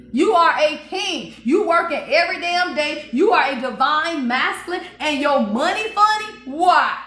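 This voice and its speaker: A woman's voice: high voice, sharp tone, echoey room, a little hiss or hum. A woman giving a blunt, profane, preachy spiritual reading on a livestream, laughing often. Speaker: spiritual reader.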